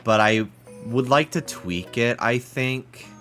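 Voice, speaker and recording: A man's voice: medium pitch, takes it slowly, pushed and bright, soft background music. A man with a stuffy nose chatting casually and rambling as he streams a game, swearing freely.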